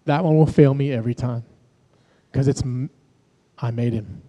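A man's voice: mid-range voice, normal speed, warm tone. A man, a pastor and worship leader, preaching a sermon in a conversational way, telling personal stories to his congregation. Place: church sanctuary. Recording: long reverb of a large hall.

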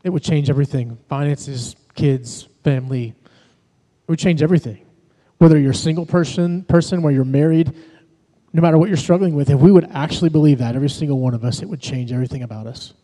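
A man's voice: fairly high pitch, fast talker, dark tone. Man preaching a sermon in a reverberant hall. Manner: conversational preaching with personal stories. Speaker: pastor and worship leader. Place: church sanctuary. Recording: long reverb of a large hall.

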